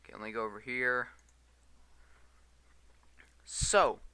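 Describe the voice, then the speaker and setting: A man's voice: mid-range voice, slow pace, pushed and bright, clean tone, no room sound. A tired man giving live weather radar commentary, reading storm warnings aloud and stumbling over place names. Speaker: storm chaser livestreamer.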